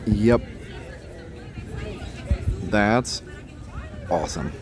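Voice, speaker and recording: A man's voice: on the low side, drawn-out words, faint music behind, a faint crowd. A man hosting a casual live stream from a theme park at night, chatting and reading out viewer comments.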